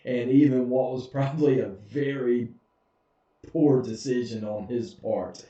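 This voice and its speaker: A man's voice: medium pitch, steady tone, unhurried, warm tone. A man, a pastor giving a casual, humorous Bible study in a church sanctuary. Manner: folksy, humorous, chuckles often. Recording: echoey, dull, far from mic.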